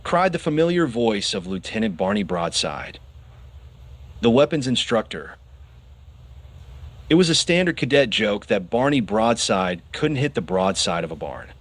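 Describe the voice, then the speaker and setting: Slow expressive male audiobook narrator. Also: on the low side. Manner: expressive storytelling.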